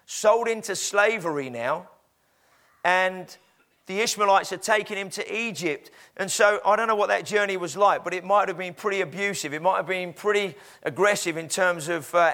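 A man's voice: high voice, a bit bright. A man preaching a sermon in a conversational, storytelling way with frequent fillers.

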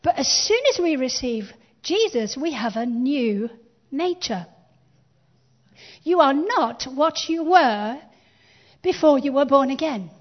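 A woman's voice: high voice, expressive, slow pace, dull audio. A woman pastor preaching a sermon, building emphasis with repeated phrases and calling on the congregation to respond.

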